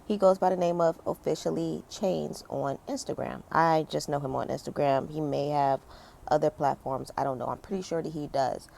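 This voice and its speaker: Ranting casually about her opinions, this woman in her thirties, a commentary vlogger, is conversational, filler-heavy and emphatic in her complaints. She has a deep, dark voice with vocal fry, fairly even intonation and normal speed.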